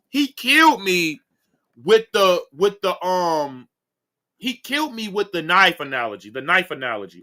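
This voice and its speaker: A man hosts a casual commentary video, talking in a rambling way full of "um" and "guys." His voice sits a little high and swings widely, with a bright, forceful edge. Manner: rambling, keeps saying guys and um. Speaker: commentary channel host.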